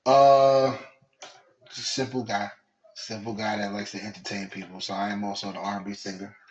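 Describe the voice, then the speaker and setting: A man's voice: lowish voice, flat delivery, normal speed, muffled recording. Easygoing male guest singer. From New York. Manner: easygoing, laughs readily. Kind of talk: casual chat.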